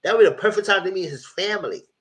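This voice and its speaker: Male reviewer, slightly high voice, casual live recap rant, blunt, exasperated, swears freely. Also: expressive, rapid-fire, a bit bright. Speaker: TV reality show reviewer.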